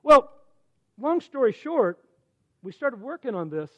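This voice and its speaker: A man in his sixties, a church elder, telling conversion stories in a folksy, animated sermon. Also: very high-pitched, unhurried, pauses often, lo-fi sound. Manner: animated, folksy storytelling with quoted dialogue. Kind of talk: storytelling sermon.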